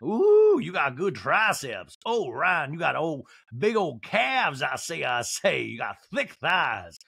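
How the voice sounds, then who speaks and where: A man voicing a prim, dramatic society woman who drawls slowly and keeps repeating "I say, I say.". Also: medium pitch, very animated, creaky, bright, forceful tone, husky, dry recording, exaggerated voice. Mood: flirty.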